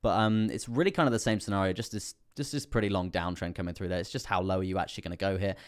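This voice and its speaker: A man's voice: low voice, fairly even intonation, rapid-fire, smooth. British man rambling through live chart analysis. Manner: rambling, repeats fillers and "coming through there". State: slightly strained voice. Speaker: crypto livestream host.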